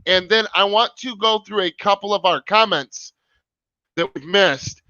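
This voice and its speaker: A young man hosts a casual livestream over a video call, talking emphatically and swearing often. His voice sits high and sounds bright and forceful, though he's unhurried. There's no room sound, and the stream audio is dull and lo-fi.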